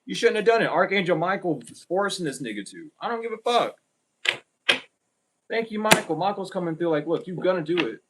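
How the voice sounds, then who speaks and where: A man's voice: high voice, lively intonation, fast, few pauses, very noisy. A man giving a casual spiritual tarot reading, blunt and emphatic, swearing often and repeating himself. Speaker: tarot reader.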